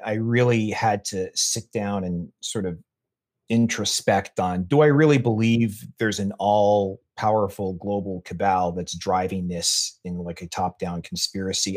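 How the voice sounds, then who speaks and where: A man with a fairly low voice, talking in an opinionated, rambling way. He restarts his sentences often as he builds his argument. It sounds like a relaxed podcast conversation. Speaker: podcast guest. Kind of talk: casual conversation.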